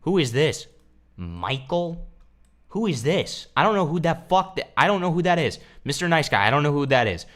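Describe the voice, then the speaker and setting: A man hosting casual reaction commentary, crude and sarcastic, swearing constantly and dropping into low mumbled asides. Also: very animated, normal speed, fairly bright tone. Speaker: commentary host.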